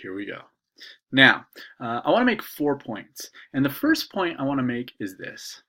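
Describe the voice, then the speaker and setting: A man's voice: mid-range voice, wildly swooping pitch, moderate pace, sharp tone. A man, an instructor, explaining course material in a casual recorded video lecture, with frequent "uh" fillers. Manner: conversational, filler-laden explaining.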